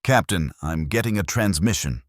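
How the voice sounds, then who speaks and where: A man's voice: deep voice, lively intonation, moderate pace, no room sound, clean studio sound. A man voicing a young, frightened navy lieutenant who reports sonar readings in a tense, urgent way. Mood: uneasy.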